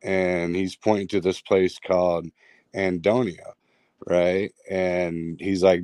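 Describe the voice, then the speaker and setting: A man's voice: sits low, unhurried, smooth, no echo. A man telling a strange story in a rambling, casual way, full of fillers and restarts. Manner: rambling, filler-heavy, animated retelling. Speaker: guest storyteller.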